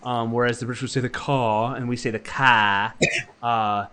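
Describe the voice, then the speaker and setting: A man's voice: mid-range voice, level tone, fast, a bit bright. A man in casual livestream conversation who rambles through his points. He trips over his own sentences and fills the gaps with ums and uhs. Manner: rambling, many fillers and restarts. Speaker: podcast co-host.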